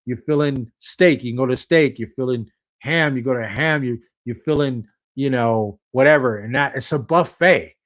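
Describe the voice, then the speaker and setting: A man's voice: mid-range voice, moderate pace. A man hosting a casual live stream, chatty and repetitive, often checking whether viewers are following. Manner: chatty, repeats himself and keeps checking in with the audience.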